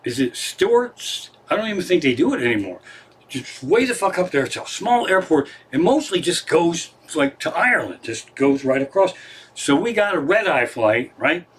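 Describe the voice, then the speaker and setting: A man's voice: on the high side, very animated, moderate pace, a bit bright, breathy edge. A middle-aged man, a comedian, telling a rambling, profane story in a casual live stream from his living room.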